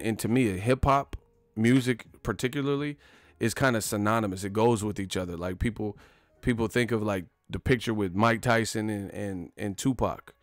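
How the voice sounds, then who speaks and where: A man's voice: on the low side, no room sound. Male streamer host, loose profane banter, laughs easily; dry close mic, faint music underneath. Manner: profane, joking, laughing often. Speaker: boxing YouTuber. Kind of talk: casual livestream commentary.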